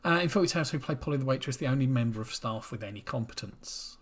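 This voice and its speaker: A quizmaster, chatting and slowly repeating pub-quiz questions on a livestream from home. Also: medium pitch, animated. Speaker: quiz host.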